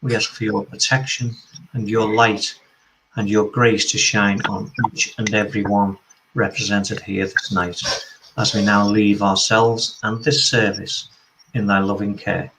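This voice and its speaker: A man, a medium and church minister, leading an opening prayer in steady, measured phrases. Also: on the low side, background noise.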